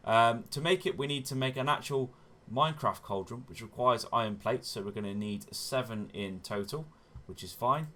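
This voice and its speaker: A man's voice: medium pitch, moderate pace, few pauses, a bit bright. A man hosting a gaming channel, giving chatty step-by-step gameplay commentary and often correcting himself as he goes. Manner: chatty, self-correcting, often says "wonderful".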